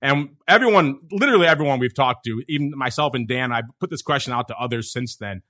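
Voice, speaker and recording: Bright-voiced energetic male podcast host. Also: mid-range voice, fast talker. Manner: energetic, talkative, reads listener questions aloud. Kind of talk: casual podcast chat.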